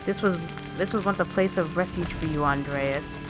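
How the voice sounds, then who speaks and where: A woman's voice: low-pitched, moderate pace, close to an everyday voice. A woman reading the lines of a solemn spirit of a fading dream court in a story game, over game music.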